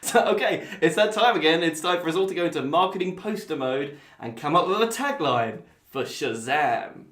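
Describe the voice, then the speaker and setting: Wry male co-host, middle pitch, roomy echo. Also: animated, moderate pace, few pauses, fairly bright tone. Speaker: podcast co-host. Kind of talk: casual chat. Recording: echoey room.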